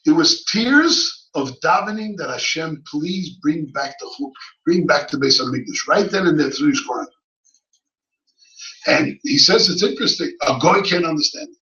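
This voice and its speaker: Bright-voiced rabbi preaching in an echoey hall. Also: male voice, on the high side, animated, moderate pace. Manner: swells from quiet teaching to crying, shouted pleas; Yiddish-inflected yeshiva English with Hebrew terms. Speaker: rabbi giving a Torah lecture. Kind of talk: impassioned sermon. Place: lecture hall at a yeshiva. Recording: echoey hall, mic at a distance, dull sound.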